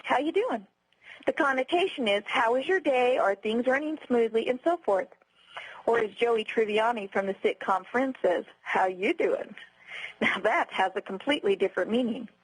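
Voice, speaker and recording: A woman giving a scripted customer service training lecture in a clear, instructive, evenly paced way. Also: fairly high pitch, dry recording, poor audio.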